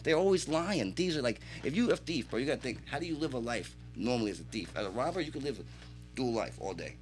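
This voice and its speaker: A man telling animated, swear-filled stories as a podcast guest in a radio studio. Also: mid-range voice, quick pace, soft background music. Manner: animated storytelling, heavy swearing. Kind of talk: casual chat.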